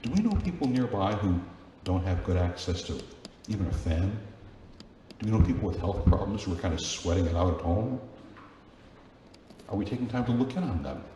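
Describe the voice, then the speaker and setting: A man's voice: low-pitched, animated, fairly quick, pauses often, mellow, slight background noise. A man, a Catholic priest, giving a conversational Sunday homily and often putting questions to the congregation. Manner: chatty, asks the congregation questions. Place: large church. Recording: very echoey church with long reverb, faint ambience.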